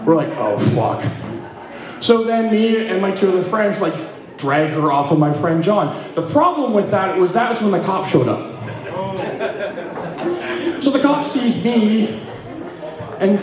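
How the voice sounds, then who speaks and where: High-voiced profane Canadian comedian, echoey club. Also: male voice, animated, moderate pace, a crowd in the background. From Ontario, Canada. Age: middle-aged. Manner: profane, laughing between punchlines. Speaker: stand-up comedian. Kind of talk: stand-up comedy storytelling.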